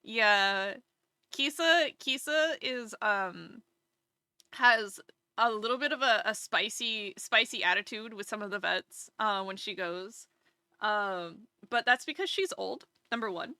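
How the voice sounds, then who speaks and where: Woman streamer, casual live chat, bright crisp tone, close dry sound, rambling delivery. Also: a little high, no room sound. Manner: rambling, chatty, with many fillers and restarts.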